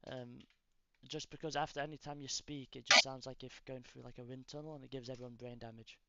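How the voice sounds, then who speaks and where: A man's voice: mid-range voice, little pitch movement, a little fast, vocal fry, lo-fi sound, very noisy. A man moderating a casual call, laid-back and joking as he talks. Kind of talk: casual chat.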